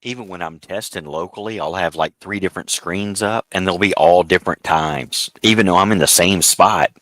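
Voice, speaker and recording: A soft-spoken man on a video call, rambling through explanations of how streaming works in a casual chat. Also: deep voice, normal speed, no echo. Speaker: stream tech guest.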